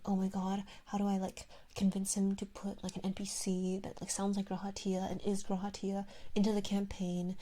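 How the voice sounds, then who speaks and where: A young woman whispers close to the mic in a relaxed ASMR stream chat. She rambles, restarts and pokes fun at herself. Her voice is airy and husky, at a middle pitch. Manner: rambling and self-deprecating, with many restarts.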